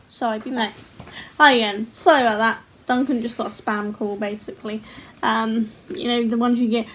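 A woman's voice: fairly high pitch, fairly even intonation, brisk, a little hiss or hum. A woman in her forties, chatting casually to camera at home about her crochet, laughing often and swearing freely. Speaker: crochet vlogger. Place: at home, indoors.

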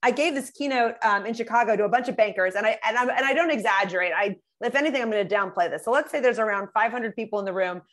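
Hardly pausing, a fast-talking middle-aged woman recounts stories as an interview guest. She is animated, and when quoting people she imitates their voices with big leaps in pitch.

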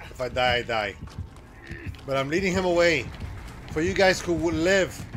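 A man streaming a horror game, reacting with loud exclamations and frequent laughter. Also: a little high, expressive, moderate pace, long pauses, rough recording. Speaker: livestreamer. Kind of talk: excited gameplay commentary.

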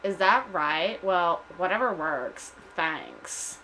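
A woman's voice: mid-range voice, expressive, measured pace, a little hiss or hum, close to an everyday voice, rough recording. A woman voicing a stuck-up young woman with a nasal, drawling Valley Girl voice. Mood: snooty.

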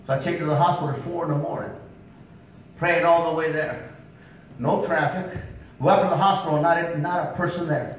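At a revival in a church sanctuary, a man preaches through stories, emphatically calling "come on now" to the congregation. His intonation is fairly even and his pace fairly quick, with frequent pauses. The echoey hall was recorded from far off, with a faint rumble.

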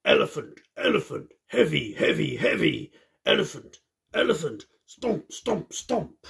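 Guy voicing a big storybook elephant, chanting high and loud, gravelly. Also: very animated, a little slow, heavily acted. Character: big heavy male elephant, tiring as he stomps.

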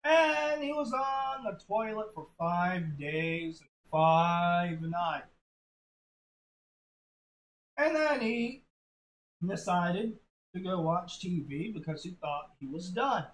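Slow, crude casual storyteller. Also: medium pitch, animated, slight background noise, poor audio. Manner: unpolished, crude, offhand delivery.

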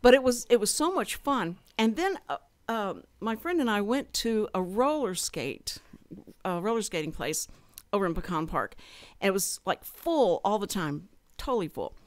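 A woman in her sixties spins nostalgic stories on a community radio chat show. Her pitch rises and falls with real animation. She leans on easy fillers as she rambles, and the studio sound is dry and close. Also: sing-song, normal speed, dry recording. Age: 60s. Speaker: radio co-host. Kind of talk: casual radio chat, storytelling.

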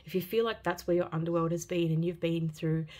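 A woman giving an intuitive tarot reading for viewers, speaking in an earnest, gentle and heartfelt way and often repeating phrases. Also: lowish voice, steady tone, a little fast. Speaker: tarot reader.

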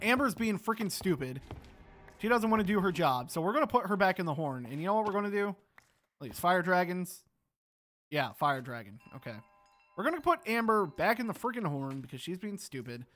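A man's voice: sits high, fairly bright tone. A young man giving gameplay commentary, exasperated and talking to himself as he plays. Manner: exasperated, talks to himself while playing. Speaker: gaming channel host.

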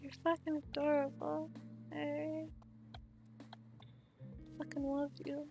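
Bubbly high-voiced woman streamer. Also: level tone, takes it slowly, gravelly, a little mellow, soft background music. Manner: bubbly, affectionate, swears freely. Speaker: gaming streamer. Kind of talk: casual chat while playing.

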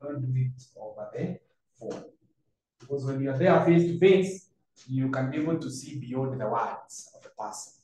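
Teaching a revision lesson, this Kenyan-accented man speaks in a mid-range, dark voice at a moderate pace. He chats with the class, tests them with questions, and mixes Swahili phrases into his talk. Recorded from a distance in an echoey room, with slight background noise.

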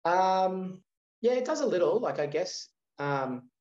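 Animated Australian man telling a story. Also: sits high, a little slow. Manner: animated storyteller acting out quoted dialogue. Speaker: guest. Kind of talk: casual storytelling interview. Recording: roomy, slightly dull sound.

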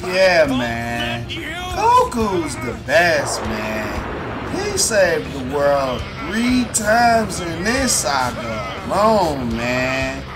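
A laid-back, easygoing cartoon dude, as a man puts him on who drawls his slang slowly and trails off low. Music plays clearly behind him. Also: heavily acted. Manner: slow, relaxed, slangy drawl. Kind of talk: comedic cartoon voice acting. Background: background music.

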